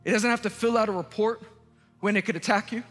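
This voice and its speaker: A male pastor preaching a sermon in a large church, emphatic and repetitive, building up to shouts. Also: sits high, steady tone, fast talker, big-room sound, soft background music.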